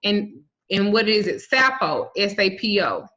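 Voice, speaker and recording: A woman's voice: mid-range voice, sing-song, a little slow, sharp tone. A woman teaching a casual online herb class in a blunt, bawdy, profane way. She jokes as she teaches and spells out herb names letter by letter. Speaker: herbal and spiritual teacher. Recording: muffled lo-fi sound.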